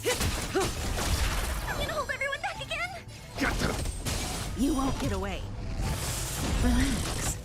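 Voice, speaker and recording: A cocky young fighter with a very high, bouncing voice, drawing out short taunts slowly. Loud game music plays behind her. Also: wildly swooping pitch, exaggerated voice. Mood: taunting. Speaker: game character. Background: loud game music and crashes.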